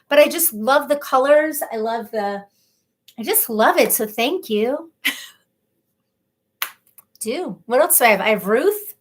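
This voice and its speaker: A woman's voice: sits high, animated, measured pace, pauses often. Chatty woman hosting a live stream. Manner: chatty, emotional, openly personal. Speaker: livestream host. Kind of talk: casual live chat reading comments.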